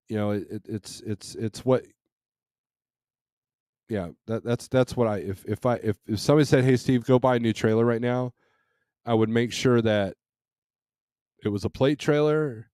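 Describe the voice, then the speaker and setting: A middle-aged man with a lowish, warm, clean voice runs a trucking live stream, casually working through chat messages with lots of fillers and restarts. The sound is clean studio quality with no room sound.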